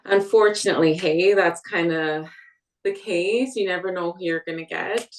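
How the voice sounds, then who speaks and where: A woman's voice: on the low side, moderate pace. A woman respiratory therapist giving practical tips in a casual group chat, often affirming others. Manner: warm affirming, frequent "yeah".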